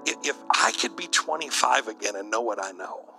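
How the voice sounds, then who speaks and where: A man's voice: medium pitch, sing-song, moderate pace, creaky, sharp tone, faint music behind, poor audio. A middle-aged man, a bishop, preaching to church leaders in a conversational, storytelling way.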